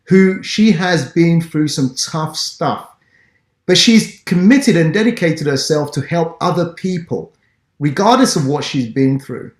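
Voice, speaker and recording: A man's voice: a little high, animated, unhurried. Male interview host with an English accent, upbeat and encouraging, recorded with some room echo. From Ghana. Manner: encouraging, motivational. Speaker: podcast host. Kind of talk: business interview. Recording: roomy echo.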